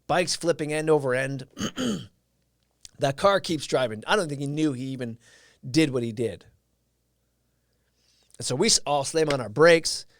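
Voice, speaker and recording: A man's voice: mid-range voice, clear, resonant tone, no room sound, studio quality. A man hosting a casual livestream, telling a story in a loose, rambling way with lots of fillers and restarts. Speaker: live stream host.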